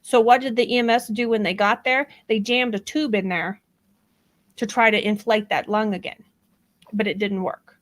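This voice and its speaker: A middle-aged woman giving casual true-crime commentary, animated and sarcastic, acting out what others said. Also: mid-range voice, normal speed, rough recording. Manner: animated, sarcastic, acts out quotes.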